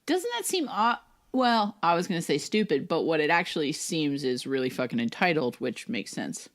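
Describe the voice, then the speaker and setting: Chatty woman with a lively voice. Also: low-pitched, moderate pace. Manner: chatty, wry and profane, with frequent filler words. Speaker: podcast co-host. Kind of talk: casual chat.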